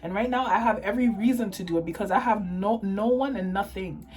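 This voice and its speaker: A young woman from Toronto, Canada, rants and swears in an emotional vlog monologue to the camera, tearful and impassioned. Her voice sits in the mid range with a darkish tone, she talks briskly, and the audio is poor.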